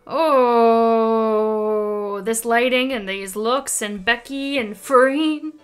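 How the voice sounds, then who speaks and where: A woman's voice: on the high side, drawn-out words, clear, resonant tone, soft background music. A woman with a Canadian accent hosting a reaction video, gushing and laughing often as she comments.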